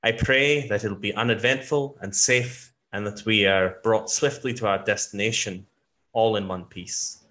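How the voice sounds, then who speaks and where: A man doing an earnest ship's priest in a tabletop game, solemn and prayerful. The voice is fairly low with a bright ring. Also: steady tone, normal speed, lightly acted.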